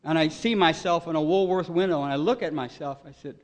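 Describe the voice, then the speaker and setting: A man's voice: a little high, a little fast. Earnest man sharing his recovery story. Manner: earnest, emotional storytelling, voice swelling loud at peaks. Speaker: recovery meeting speaker. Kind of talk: personal recovery testimony.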